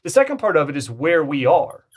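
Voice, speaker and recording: A man teaching a recorded Bible study lecture in a conversational way. He corrects himself mid-sentence and rises in pitch to stress key phrases. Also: sing-song, brisk, slight background noise. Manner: conversational, with restarts and self-corrections; emphatic, rising on key phrases.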